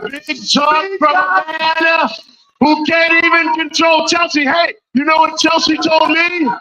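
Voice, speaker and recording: A man's voice: very high-pitched, flat delivery, unhurried, bright, forceful tone, muffled recording, slight background noise. A man cutting a brash wrestling promo, trash talking and taunting.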